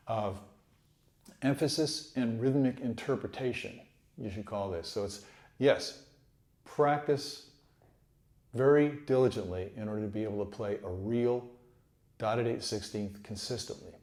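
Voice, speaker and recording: A man teaching trumpet in a relaxed, encouraging way, sometimes singing rhythms aloud. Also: mid-range voice. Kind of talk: relaxed instructional talk. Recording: echoey room.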